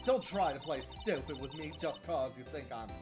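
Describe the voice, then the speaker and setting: A man voicing a feisty Southern country woman photographer in a put-on Southern drawl, loud and sassy. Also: a little high, expressive, normal speed, over music, close to an everyday voice. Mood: defensive. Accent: put-on American Southern drawl.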